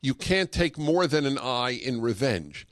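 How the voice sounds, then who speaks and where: An emphatic man hosts a call-in radio show and argues his points earnestly. His voice sits at a middle pitch and sounds close and dry, with no room around it. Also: sing-song, unhurried, no echo. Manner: emphatic, earnest, sarcastic asides. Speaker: radio talk show host.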